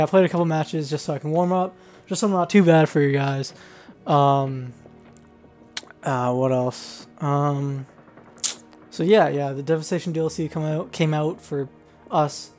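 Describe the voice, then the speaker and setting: A man's voice: a little high, a little mellow. A young man in his late teens hosting a gaming video in casual talk, rambling with many fillers and laughing often. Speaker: gaming channel host.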